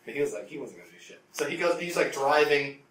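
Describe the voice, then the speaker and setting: A man's voice: mid-range voice, expressive, fast, a bit bright, far from the mic. A man co-hosting a podcast, telling a story in casual chat, rambling and swearing, with lots of "like". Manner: rambling, profane, heavy use of "like", mimics people in the story. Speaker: podcast co-host. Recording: echoey room with noise.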